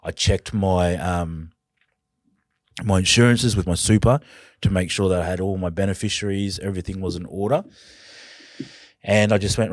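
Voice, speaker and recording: An Australian man, a podcast guest, telling his personal story in an earnest, halting, emotional way. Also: low voice, steady tone, no room sound, clean studio sound.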